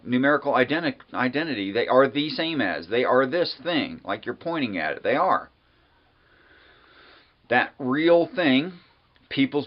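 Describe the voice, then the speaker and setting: Slow-talking man hosting a livestream. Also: medium pitch, muffled recording. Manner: unhurried, hesitant with many fillers, wry. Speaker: livestream host. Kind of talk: casual solo livestream talk on religion.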